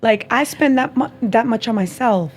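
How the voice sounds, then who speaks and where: A woman's voice: on the high side, normal speed, husky. A young woman hosting a podcast, casually chatting and telling a story, acting out both sides with frequent laughs. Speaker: podcast host. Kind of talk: casual chat.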